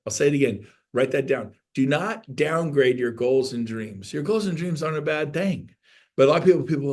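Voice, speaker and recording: A man's voice: on the high side, normal speed. Emphatic man in his fifties coaching. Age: 50s. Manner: emphatic, preachy, with repetitions and acted-out quotes. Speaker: real estate coach. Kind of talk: motivational talk on a video call.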